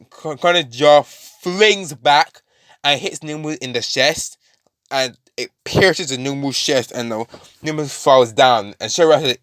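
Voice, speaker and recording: A man's voice: mid-range voice, expressive, measured pace, fairly bright tone, no room sound, clean studio sound. A man casually retelling a fan-made story, rambling with many fillers and restarts.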